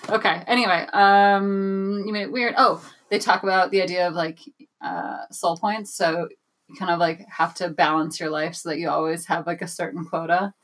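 A young woman co-hosting a podcast in a chatty, playful way, laughing easily. Her voice sits a little low for a woman. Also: steady tone, normal speed, a bit bright. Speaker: podcast co-host. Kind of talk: casual chat.

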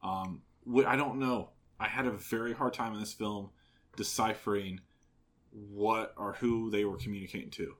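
Low-voiced man chatting about a film. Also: steady tone, normal speed, fairly bright tone. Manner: chatty and opinionated, agreeing often. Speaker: podcast co-host. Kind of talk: casual movie discussion.

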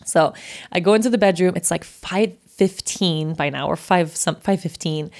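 A woman's voice: fairly low pitch, normal speed, creaky, darkish tone. A woman hosting a podcast, telling a personal story in a candid, chatty way with lots of fillers. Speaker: podcast host.

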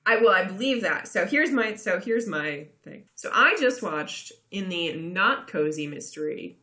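A woman's voice: mid-range voice, expressive, measured pace, pushed and bright, roomy sound. A woman co-hosting a casual chat recap of a TV show, talkative and giggly, with casual swearing. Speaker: podcast co-host.

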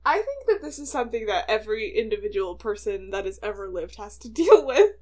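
A young woman from the northern United States, co-hosting a casual chat with a dry, deadpan manner and easy laughs. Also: mid-range voice, a little fast. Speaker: podcast co-host.

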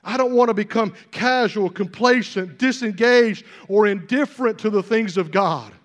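A man with a strikingly high voice delivers a sermon from the pulpit. He preaches emphatically, circling back over his phrases and building his volume until he is nearly shouting. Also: normal speed, few pauses. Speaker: pastor.

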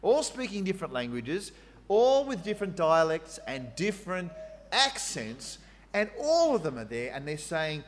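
A man preaching a sermon in an animated, conversational way, with fillers and asides. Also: a little high, normal speed, slight background noise.

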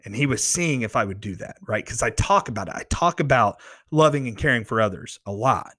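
A man telling a personal faith story to his audience into a close microphone, earnest and excitable, often restarting phrases as he gets worked up. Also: mid-range voice, a little fast, dry recording. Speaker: podcast host. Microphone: close studio microphone.

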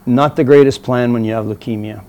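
A middle-aged man, an interview guest, telling a story in a blunt, profane, animated way. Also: medium pitch, fairly quick. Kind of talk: casual storytelling.

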